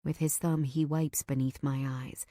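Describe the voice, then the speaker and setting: Brief: woman audiobook narrator, low voice, tense and measured, dry close mic. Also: little pitch movement, dark tone, no echo. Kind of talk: first-person audiobook narration.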